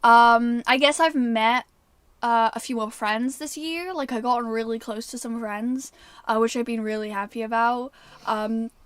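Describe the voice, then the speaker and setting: A woman's voice: a little high, fairly even intonation, unhurried, smooth, no echo. Young Wiltshire woman chatting live. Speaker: livestream host. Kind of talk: casual livestream chat reading viewer comments. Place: on a narrowboat.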